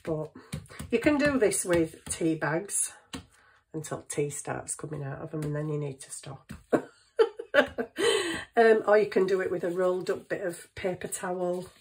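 A woman's voice: lowish voice, animated, measured pace, a little mellow, low-quality recording. A woman chatting casually in her home kitchen, thinking aloud as she works on a craft. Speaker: craft vlogger.

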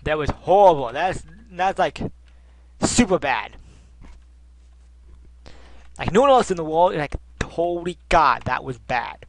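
A man talks his way through a punishing video game in a rambling, self-mocking stream of commentary. His voice sits a little high for a man and swings widely in pitch, jumping to frustrated shouts when he fails. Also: expressive, takes it slowly, long pauses, low-quality recording. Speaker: let's play host. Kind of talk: casual gameplay commentary.

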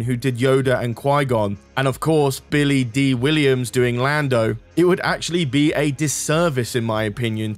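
A man hosting a gaming video channel, giving scripted commentary in an enthusiastic, upbeat way. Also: mid-range voice.

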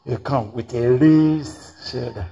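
A man's voice: mid-range voice, slow, gravelly, warm tone, slightly rough, muffled recording. A man preaching a storytelling sermon, acting out dialogue and repeating key phrases. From Nigeria.

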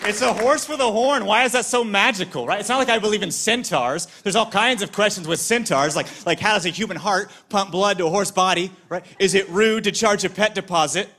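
A man performing a stand-up comedy set on a TV studio stage, telling his bits in an animated, playful way. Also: sits high, a little fast, few pauses.

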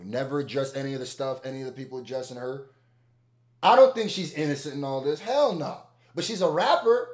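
A man hosting a reaction video, chatting casually with loud laughing outbursts and low mutters. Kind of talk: casual commentary reacting to a song. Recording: echoey room.

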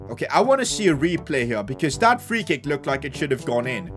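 A young man doing live commentary over a football video game, calm play-by-play breaking into loud excited outbursts. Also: medium pitch, a little fast, hardly any pauses, faint music behind. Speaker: gaming YouTuber.

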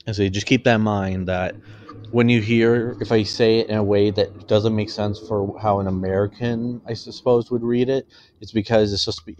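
Halting low-voiced man reading a story. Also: a little mellow, no room sound, lo-fi sound. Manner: halting, self-correcting. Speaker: fanfiction reader.

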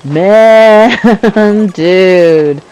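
Male gamer, joking commentary, high voice, slow unhurried delivery. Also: darkish tone, clear, resonant tone, dull audio. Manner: jokey, chuckles often, talks back to the game. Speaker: gamer narrating his play. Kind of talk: casual gameplay commentary.

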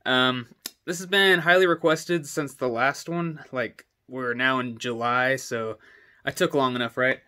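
A man's voice: mid-range voice, steady tone, a little slow, pushed and bright. A young man giving a casual, rambling walkthrough of his game collection at home, filmed on a selfie stick, full of ums and uhs. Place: indoor home with stairs. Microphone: selfie stick camera.

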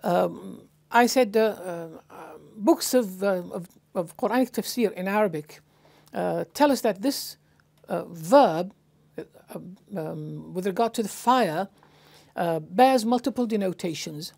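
Woman teaching slowly, lots of uhs and restarts, mid-pitched voice. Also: expressive, gravelly, a little mellow. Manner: slow and deliberate, with many fillers and restarts. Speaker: Qur'an translation teacher. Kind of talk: explanatory lecture.

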